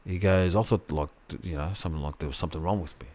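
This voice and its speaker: A man's voice: low-pitched, racing, dark tone. A man co-hosting a podcast, rambling in casual chat with plenty of swearing and restarts. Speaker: podcast co-host.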